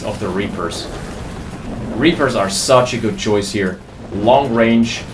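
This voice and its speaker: A man giving live, excitable commentary on a strategy game, thinking aloud as he goes. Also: mid-range voice, reverberant, background noise. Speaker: game caster.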